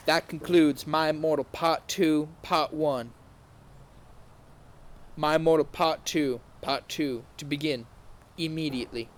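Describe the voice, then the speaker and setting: A man giving a comedic dramatic reading aloud, stumbling over words and reading in a mock-serious way. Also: on the high side. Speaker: podcast host reading aloud.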